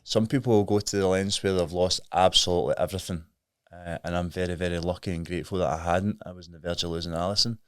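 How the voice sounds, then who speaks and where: A Scottish man in his thirties with a very deep voice talks openly and earnestly as a podcast guest. His manner is plain-spoken and candid. The recording is dry, with no room sound. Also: fairly even intonation, fast, few pauses, smooth, no room sound. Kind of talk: candid recovery story in conversation.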